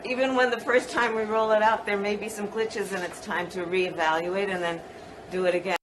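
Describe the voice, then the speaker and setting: A woman's voice: mid-range voice, level tone. Woman speaking with a put-on French lilt. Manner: slow, deliberate delivery with a put-on French lilt. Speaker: politician giving a speech. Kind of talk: public speech. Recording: noisy archive clip with ambience.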